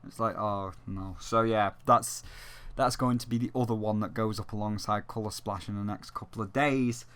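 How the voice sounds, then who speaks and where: A man's voice: on the low side, fairly even intonation, normal speed, fairly bright tone, clear, resonant tone. A man hosting his own game review video, talking in a rambling, ranty way with lots of swearing and restarts. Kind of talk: casual ranting video review.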